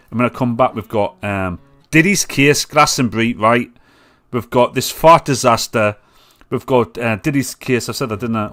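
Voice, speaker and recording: A man with a broad Mackem accent hosts a casual live stream, talking in a loose, rambling way with plenty of swearing. His voice swings up and down in a lively way while sitting at a middling pitch. Faint music plays behind him. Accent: Mackem (Sunderland). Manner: rambling, chatty, swears freely.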